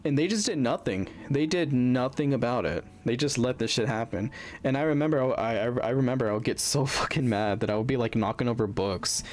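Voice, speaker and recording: A young man with a mid-range voice talks fairly quickly on a livestream, venting a bitter story in casual fashion. His telling rambles, is heavily profane, and is packed with fillers and restarts.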